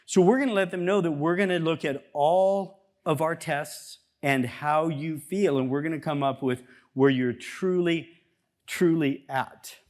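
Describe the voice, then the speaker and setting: A man speaking as a chiropractor at a seminar, talking to a live audience in an energetic, conversational way and acting out bits of dialogue. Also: on the high side, measured pace. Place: seminar room before an audience.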